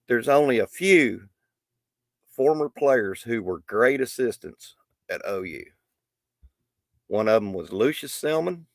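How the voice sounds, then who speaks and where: A man's voice: medium pitch, lively intonation, a little slow, long pauses, no echo, clean studio sound. A middle-aged man hosting a live stream, talking in a rambling, folksy way with many restarts. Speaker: livestream host. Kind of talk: casual live stream talk.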